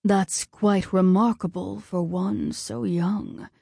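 A woman voicing a stern, commanding male war god who speaks slowly and ominously, at times in a hush. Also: medium pitch, fairly even intonation, gravelly, breathy edge, no echo, studio quality, exaggerated voice. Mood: measured, ominous.

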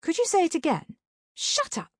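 A woman's voice: moderate pace, dry recording, studio quality, heavily acted. A woman reading an audiobook, voicing a wry, teasing female ghost sidekick with sarcastic quips in a raised voice. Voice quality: higher, lively voice.

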